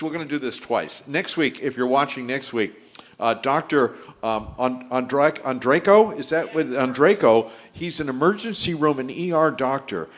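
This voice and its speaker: A man's voice: medium pitch, expressive, moderate pace. A man hosting a recovery talk show, rambling and stumbling over names as he introduces guests. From Florida. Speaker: host.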